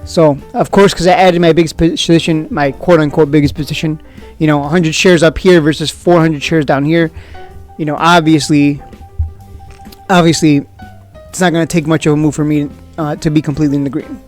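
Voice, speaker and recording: A man hosting a stock trading video, talking casually and excitably, whooping and throwing out rhetorical questions. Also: fairly high pitch, a little fast, soft background music. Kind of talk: casual market commentary.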